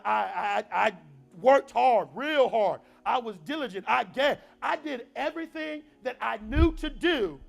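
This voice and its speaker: A man's voice: extremely high pitch, vocal fry. A young man giving a motivational talk at a university event, with a call-and-response preaching rhythm. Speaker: motivational speaker.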